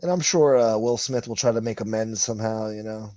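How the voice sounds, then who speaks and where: A man's voice: fairly low pitch, brisk, dark tone, dry recording. Blunt, profane New guy. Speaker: livestream host. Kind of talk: casual livestream chat.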